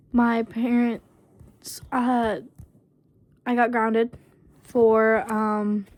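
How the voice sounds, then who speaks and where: A woman's voice: fairly high pitch, dry recording. A woman casually telling a personal story, leaning heavily on fillers like "basically" and "um". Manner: halting, full of fillers like "basically" and "um". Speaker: storyteller vlogger.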